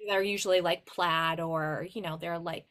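A woman's voice: fairly low pitch, moderate pace. A woman from New Hampshire, a podcast co-host and medium, telling a story in casual chat and acting out the dialogue with lots of fillers. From New Hampshire, USA. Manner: animated, acts out quoted dialogue, filler-heavy.

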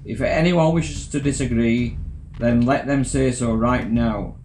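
A man's voice: mid-range voice, unhurried, darkish tone, echoey room, slight background noise, lightly acted. A man voicing a commanding male pirate captain in a storybook reading, speaking in a declamatory way. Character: gruff male pirate captain turned honest.

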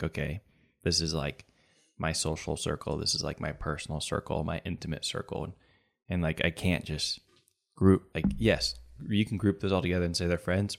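A young man co-hosting a podcast, joking with friends and then reflecting at length on what friendship means. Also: low voice. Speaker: podcast co-host. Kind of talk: casual chat.

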